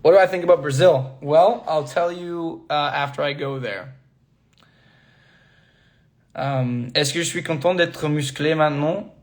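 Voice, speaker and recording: With a voice on the high side, a young man talks a little slowly and leaves long pauses. He's an actor chatting casually on a livestream, reading out fans' comments, laughing frequently and moving between languages as he answers.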